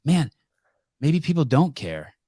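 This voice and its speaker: A man's voice: on the high side, very animated, takes it slowly, dark tone, no room sound, studio quality. A man hosting a live call-in podcast, telling stories bluntly and casually with some swearing. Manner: blunt storyteller with profanity. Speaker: podcast host. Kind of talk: casual call-in show chat.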